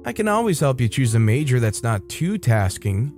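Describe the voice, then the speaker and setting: A man's voice: medium pitch, big pitch swings, normal speed, darkish tone, soft background music. A man voicing a condescending, controlling young ex-boyfriend in a spoken story, with a smug, patronizing manner.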